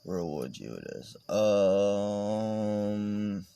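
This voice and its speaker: A man's voice: on the low side, animated, extremely slow, vocal fry, mellow, clear, resonant tone, no room sound. A man vlogging in a casual, meandering monologue, swearing and joking as he goes.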